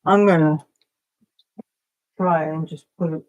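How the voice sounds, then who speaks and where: A woman's voice: medium pitch, takes it slowly, no room sound, lo-fi sound. A woman hosting a casual livestream, rambling with fillers and coaxing a bird in baby talk. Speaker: livestream host.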